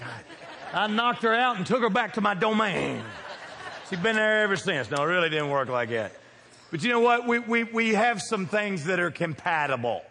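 Husky-voiced pastor in his fifties, lively pitch, preaching playful call-and-response in a big reverberant sanctuary. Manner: joking, call-and-response questions to the congregation; animated, swinging from loud to hushed. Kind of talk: sermon. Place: large church sanctuary. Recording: long hall reverb.

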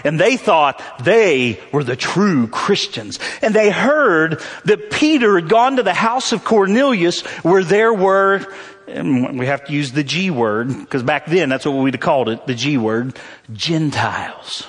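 A man's voice: fairly high pitch, lively intonation, a little slow, fairly bright tone, breathy edge. A pastor preaching a sermon in a church, conversational and joking, laughing often as he tells stories. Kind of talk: sermon with humorous storytelling. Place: church sanctuary. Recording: long reverb in a large hall.

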